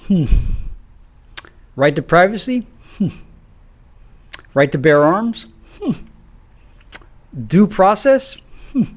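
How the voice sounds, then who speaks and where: A man giving a solo political commentary monologue, rambling and restarting sentences, full of rhetorical questions and drawn-out pauses. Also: a little high. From United States. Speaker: video commentator.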